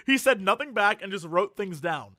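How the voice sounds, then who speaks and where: On a casual podcast he co-hosts, a man talks in a high, bright, forceful voice at normal speed, telling stories animatedly and laughing often. The recording is dry, with a close mic and no room sound.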